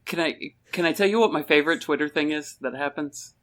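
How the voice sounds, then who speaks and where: A man's voice: a little high, brisk, a bit bright. A man co-hosting a podcast, chatting in an easygoing way and laughing readily. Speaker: podcast co-host. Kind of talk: casual chat.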